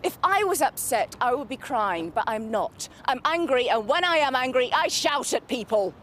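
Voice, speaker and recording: A woman's voice: sits high, big pitch swings, moderate pace, a bit bright, a little hiss or hum. An actress playing a furious woman customer, cutting and indignant in a TV soap scene. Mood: angry. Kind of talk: TV soap acting.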